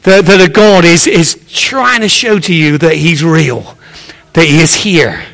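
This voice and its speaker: Visiting male preacher, high bright voice, earnest, encouraging, echoing church. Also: unhurried, vocal fry. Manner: earnest and encouraging, repeats key phrases. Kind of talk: sermon. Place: church sanctuary. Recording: echoey church hall.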